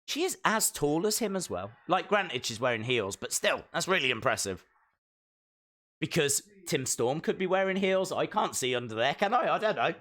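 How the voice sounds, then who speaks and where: A man giving excitable, jokey live commentary while watching a show along with viewers. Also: on the high side, moderate pace. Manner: excitable, jokey, talks to himself. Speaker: live stream reactor.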